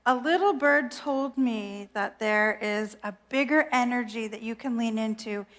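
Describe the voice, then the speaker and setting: A woman's voice: on the high side, unhurried, fairly bright tone. A woman voicing God as a casual valley-girl woman who speaks with a drawling, sing-song manner. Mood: gentle. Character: breezy valley-girl God, female, kindly.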